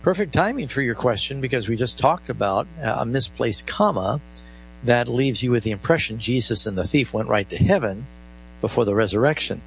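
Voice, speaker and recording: A man's voice: medium pitch, animated, a little fast, a little hiss or hum, poor audio. A man hosting a live call-in Bible radio show, explaining scripture and reading verses aloud with stressed emphasis.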